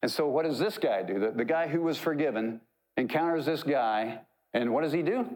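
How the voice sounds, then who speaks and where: A man's voice: medium pitch, darkish tone, low-quality recording. A man preaching a sermon, retelling a parable in a conversational, joking way. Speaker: pastor.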